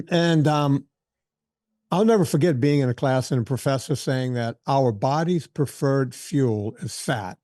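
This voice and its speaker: A man in his sixties, a fitness trainer telling stories in a casual interview, animated and full of quoted asides and restarts. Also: mid-range voice, measured pace, no echo, clean studio sound. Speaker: fitness trainer and podcast guest.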